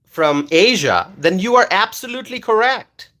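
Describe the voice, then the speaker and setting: A man from Bangladesh, hosting a casual livestream and reading viewer comments aloud, animated and loud at times. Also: sits high, moderate pace. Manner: animated, loud at times, with many fillers and repeated words. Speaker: livestream host reading chat.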